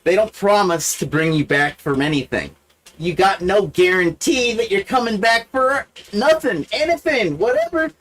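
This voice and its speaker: Here the man streaming live speaks at a normal speed in a fairly bright, animated tone. His pitch jumps around sharply as he rambles to the camera, cursing and poking fun at himself.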